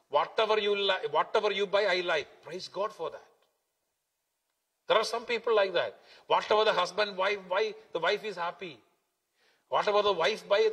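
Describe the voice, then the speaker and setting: With a high-pitched, somewhat bright voice, a pastor delivers an emphatic, repetitive sermon in a church hall, stretching out key words. Long hall reverb colors the recording.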